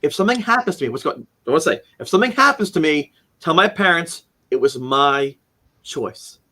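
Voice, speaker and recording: Speaking fairly quickly in a slightly high voice, a man shares a personal story while being interviewed. His delivery is lively: he acts out what people said, his voice jumps suddenly, and he frequently starts over.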